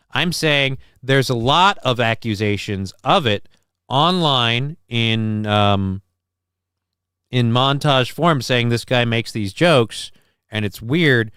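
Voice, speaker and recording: This man talks into a close desk mic on a casual live stream, his voice smooth and clear in a dry, dead room. He rambles defensively and swears freely, and his voice cracks at times. His pitch sits in an ordinary middle range for a man. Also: a bit bright, dry recording. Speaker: livestream host reading chat.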